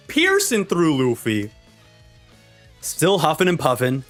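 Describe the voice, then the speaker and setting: High-voiced guy doing a manga reaction, super animated, jumps all over in pitch, faint music behind. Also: measured pace. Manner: animated and excitable, acts out characters' lines. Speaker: manga reaction channel host. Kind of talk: reading and reacting to a manga chapter.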